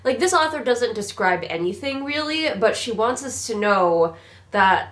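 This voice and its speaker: A woman's voice: fairly high pitch, expressive, a little slow, fairly bright tone. A woman giving a casual, sarcastic read-along critique of a book, mocking it as she goes. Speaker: book reviewer.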